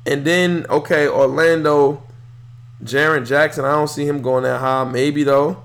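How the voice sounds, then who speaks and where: A man's voice: fairly high pitch, unhurried. A young man hosting a podcast, talking solo about sports in a loose, heated, profane way. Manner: animated, swears freely, heated rants. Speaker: podcast host. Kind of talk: casual solo sports talk.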